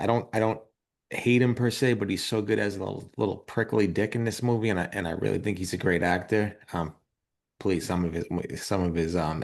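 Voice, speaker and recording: A man's voice: fairly low pitch, gravelly. A man co-hosting a casual movie podcast, talking in a rambling, emphatic way and often repeating words. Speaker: podcast co-host.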